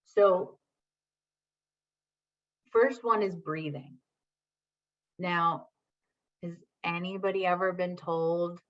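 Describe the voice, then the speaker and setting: A woman with a fairly low voice and fairly even intonation talks extremely slowly, leaving long pauses, over lo-fi sound. It's a live online parenting workshop where she speaks to her audience, reads their chat comments, and regularly asks "right?"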